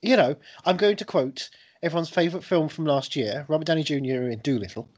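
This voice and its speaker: Male podcast co-host, husky, jokey and sweary. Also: on the high side. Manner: jokey, sweary, quick impressions. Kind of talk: casual chat.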